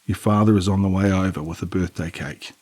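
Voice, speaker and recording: A defensive middle-aged mother who snaps and scolds, as a male narrator puts her on. The voice is deep and husky, read close and dry. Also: fairly quick, a little mellow, no room sound, rough recording. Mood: scolding.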